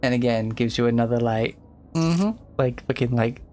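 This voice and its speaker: A man narrating as game master of a tabletop role-play stream, relaxed and rambling. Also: mid-range voice, moderate pace, slight background noise. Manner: relaxed, rambling with many fillers. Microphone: home mic on a live stream.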